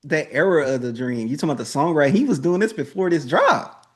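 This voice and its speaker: A man's voice: fairly high pitch, lively intonation. A man co-hosting a podcast who chimes in often and pushes back in a casual debate. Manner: interjects often, quick pushback. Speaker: podcast co-host. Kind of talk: casual chat, backchannel and debate.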